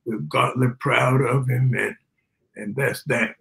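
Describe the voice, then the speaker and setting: Older man, gravelly, halting church-style blessing, quotes scripture. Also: medium pitch, fairly even intonation, fairly bright tone. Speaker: father giving a birthday tribute.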